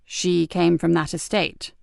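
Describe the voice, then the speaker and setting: A woman voicing a weary, steady male police sergeant who talks low and measured. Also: vocal fry, no echo, studio quality. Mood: calm.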